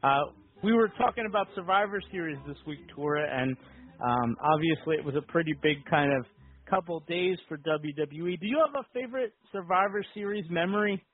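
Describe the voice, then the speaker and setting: A man's voice: fairly high pitch, fairly quick. A man hosting a wrestling call-in podcast, chatting casually and joking with his co-host and callers. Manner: jokey, upbeat banter. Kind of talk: casual call-in show chat. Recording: tinny phone-like sound.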